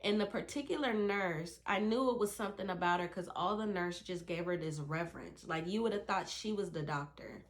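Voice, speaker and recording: A woman's voice: fairly low pitch, a little fast, hardly any pauses. A woman telling her own birth story to camera, earnest and emphatic, speaking directly to other women.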